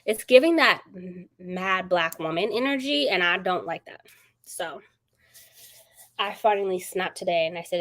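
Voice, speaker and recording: A woman's voice: on the low side, expressive, normal speed, fairly bright tone. Chatty woman hosting a book livestream. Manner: chatty, laughs often, greets chat viewers by name. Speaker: book channel host. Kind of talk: casual livestream chat.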